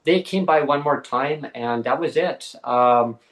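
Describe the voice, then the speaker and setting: A man, a podcast guest, telling a story in an animated way and acting out the voices in it. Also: mid-range voice, unhurried, low-quality recording. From Canada. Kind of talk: casual storytelling.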